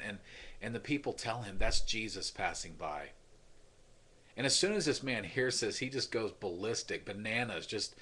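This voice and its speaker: Man, pastor, sermon, bright voice, lowish pitch, dramatic storytelling.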